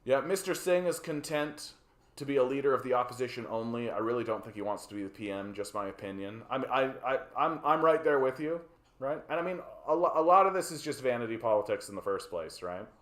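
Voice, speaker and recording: A man's voice: medium pitch, a little fast, a bit bright, echoey room. A man with a Canadian accent, hosting a livestream of casual political commentary, rambling and profane, tagging his points with "right?". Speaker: livestream host.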